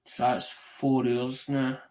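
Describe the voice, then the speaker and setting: A man's voice: medium pitch, completely flat delivery, slow pace, dark tone, a little hiss or hum. A middle-aged Scottish man hosting a live-stream show, chatting casually and telling a rambling story peppered with "right?" and swearing. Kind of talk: casual chat.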